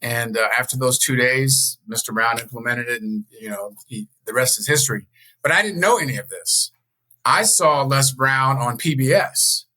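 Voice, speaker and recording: A man guesting on an interview show as a speaker and coach, telling personal stories in a casual, animated way. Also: normal speed, poor audio. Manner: animated storyteller, jumps higher when quoting others.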